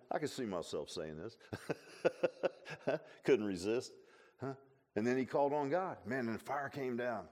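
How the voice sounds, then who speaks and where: A pastor giving a conversational sermon in a folksy manner, often repeating and restarting phrases and adding humorous asides. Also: male voice, mid-range voice, lively intonation, a little slow, pauses often, darkish tone.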